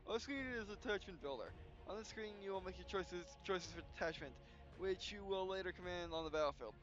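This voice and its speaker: A man hosting a gameplay video, reading tutorial text aloud with halting restarts and yawns. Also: high voice, muffled recording. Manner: halting, frequent restarts, yawning. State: yawning.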